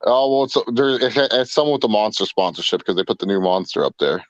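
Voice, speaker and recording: A man's voice: fairly low pitch, animated, fast, dry recording. Brash, profane man on a dull mic. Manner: brash, profane, mocking impressions. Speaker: podcast co-host. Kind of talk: casual watch-along chat.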